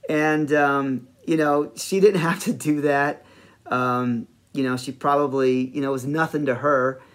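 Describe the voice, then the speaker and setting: A man hosting a podcast, telling a personal story in a rambling, animated way with many fillers. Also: mid-range voice. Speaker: podcast host.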